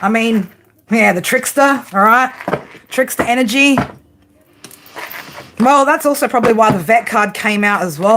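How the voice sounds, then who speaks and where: A woman's voice: on the high side, normal speed, pauses often, background noise. An Australian woman giving a casual tarot reading to her viewers, blunt, teasing and heavily profane. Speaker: tarot reader.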